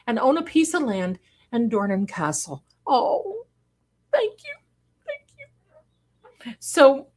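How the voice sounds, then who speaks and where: A woman at a mid-range pitch chats casually on a home livestream, reading viewer comments aloud. She gushes warmly over each one and breaks into sudden excited exclamations. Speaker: livestream host and card reader.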